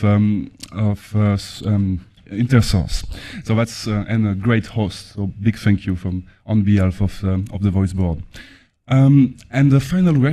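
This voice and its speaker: A man with a thick French accent opens a conference panel in a formal register. His voice sits a little low and sounds mellow and dark. He stumbles often, filling gaps with uh and um and restarting his sentences. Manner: halting, many fillers and restarts. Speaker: panel chair.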